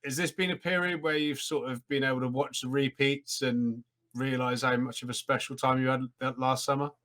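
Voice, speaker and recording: A man's voice: medium pitch, steady tone, brisk, a bit bright. An English man hosting an interview, chatty and stumbling over his words while he tells anecdotes. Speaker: host, former cricketer. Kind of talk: casual interview chat.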